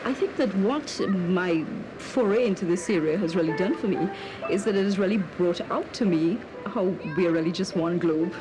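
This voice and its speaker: Earnest woman from the Caribbean, low-pitched. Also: moderate pace, rough recording. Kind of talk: reflective interview answer. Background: music.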